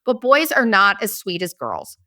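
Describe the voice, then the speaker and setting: Animated, bright-voiced profane woman ranting. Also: medium pitch, normal speed. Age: 40s. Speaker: podcast host. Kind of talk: casual comedic storytelling monologue.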